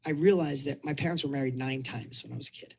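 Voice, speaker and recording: A middle-aged man, a coach, telling a personal story in a casual interview, animated and acting out the dialogue. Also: mid-range voice, fast talker, creaky, a little hiss or hum. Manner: animated storyteller, acts out dialogue, repeats words. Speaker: business and fitness coach telling his story.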